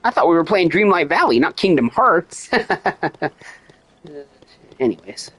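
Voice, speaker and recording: A man's voice: a little high, very animated, slow pace, a bit bright, husky, no echo, poor audio. A man livestreaming a video game, swearing and joking sarcastically as he reads the game's dialogue aloud in his own voice. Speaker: gaming livestreamer. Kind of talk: casual gameplay commentary.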